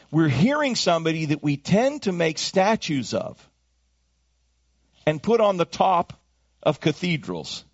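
A man preaching a sermon as pastor, swinging from high emphatic calls down to low hushed asides. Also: no echo, highs cut off.

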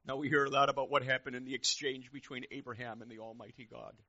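A man preaching a sermon, dropping to a hush and then rising to loud, fervent preaching. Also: medium pitch, level tone, fast, hardly any pauses, highs cut off. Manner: swings from hushed and intimate to loud, fervent preaching.

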